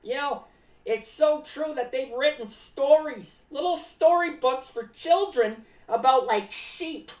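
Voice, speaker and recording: In an echoey room with her voice well away from the mic, a woman streams live as a rambling, eccentric clown. Her high voice has a darkish tone and a slow pace, and the clown speaks in the third person and worries about cats.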